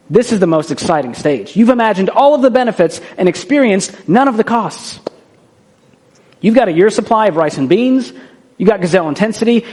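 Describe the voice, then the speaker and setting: Guy w a high voice doing a motivational talk, punchy and chatty, keeps asking right?. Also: a little mellow. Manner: punchy, conversational, tosses in rhetorical "right?"; acts out quoted voices for effect. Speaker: motivational speaker.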